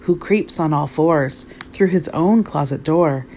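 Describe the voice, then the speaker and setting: Woman doing a slow solemn Sphinx. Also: sits low, mellow, a little hiss or hum.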